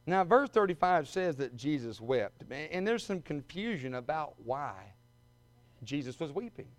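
A male preacher with a high, light voice delivers a sermon. He moves from soft, close storytelling to loud, ringing shouts at the peaks, and calls his listeners friends. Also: big pitch swings, unhurried. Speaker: pastor.

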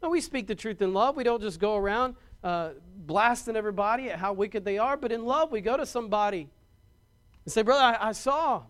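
A man's voice: high voice, animated, a little fast. Emphatic preacher man. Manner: emphatic preaching, repeats words, rises to loud stresses. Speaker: pastor. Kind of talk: sermon.

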